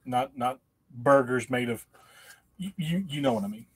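A man's voice: medium pitch, expressive, normal speed, slightly rough. A man hosting a casual livestream, rambling in a folksy, self-mocking way and laughing often. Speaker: host.

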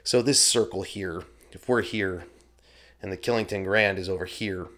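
A man's voice: sits low, normal speed, a bit bright. A man hosting a podcast, telling a story in a casual, rambling, self-deprecating way and swearing freely. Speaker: podcast host. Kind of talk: casual first-person storytelling.

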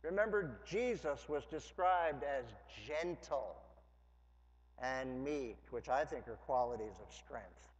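A man's voice: medium pitch, slow. A man preaching a sermon as pastor, conversational with humorous asides, rising to emphatic preaching. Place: church sanctuary. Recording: dull lo-fi church hall recording with long reverb.

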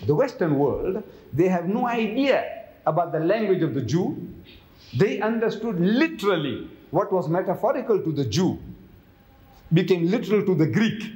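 A man's voice: on the high side, a little mellow. Man lecturing in a roomy hall. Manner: rhetorical, questioning the audience. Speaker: religious lecturer. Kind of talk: public lecture.

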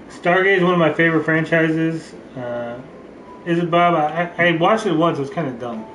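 A man's voice: a little high, moderate pace, a bit bright, far from the mic, a little hiss or hum. A man hosting a casual gameplay session, joking, rambling and reading the game's text aloud. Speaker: let's play host. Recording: roomy sound from off-mic, game music. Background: game music.

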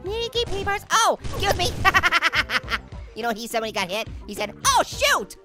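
A man's voice: very high voice, very animated, normal speed, music in the background. A man voicing a wisecracking, goofy talking orange that makes puns and cackles while playing a game. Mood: playful. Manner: cackling, pun-making, jokey. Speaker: let's play host. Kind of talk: let's play commentary.

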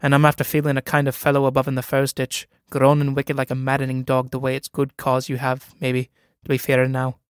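A timid young suitor, uneasy and awkward, easily scandalized, read by a man performing a stage play. His voice is a touch high and the recording is dry and close. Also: flat delivery, quick pace, clean tone, dry recording, close to an everyday voice.

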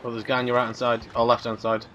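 Bright-voiced teasing gaming host. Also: male voice, mid-range voice, completely flat delivery, rapid-fire, lo-fi sound, slight background noise. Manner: upbeat, teasing. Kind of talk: casual gameplay commentary with banter.

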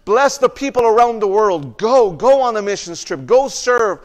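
A male pastor with a high voice, preaching to his congregation. He talks in bursts, stumbling and repeating words before pressing on. His sermon delivery is earnest and direct. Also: expressive, big-room sound. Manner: repeats words, halting restarts.

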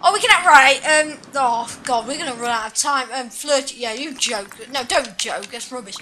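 Bright-voiced woman narrating gameplay. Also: high voice, normal speed, a little hiss or hum. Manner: chatty, self-mocking, frequent exclamations at the game. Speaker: gaming channel host. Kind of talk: casual let's-play commentary.

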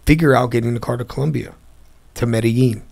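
Gravelly-voiced man telling a story. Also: medium pitch, quick pace. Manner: animated storyteller acting out phone calls. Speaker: interview guest, car dealer. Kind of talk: storytelling in a casual interview.

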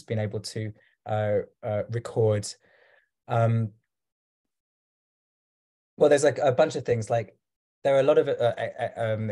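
A man's voice: medium pitch, dark tone. A man giving a talk over a video call, rambling and hesitant with many fillers. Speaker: guest speaker.

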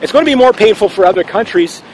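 A man's voice: sits high, lively intonation, fast talker, noisy background. A man hosting a casual opinion vlog, talking assertively in a rambling way. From Canada. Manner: assertive, rambling, with fillers and restarts. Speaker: channel host.

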